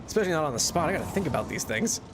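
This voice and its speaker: Racing along in a very animated, high-leaning voice, this game streamer chats casually and rambles through fillers and restarts. He laughs often and yelps loudly at in-game mishaps, with game music in the background.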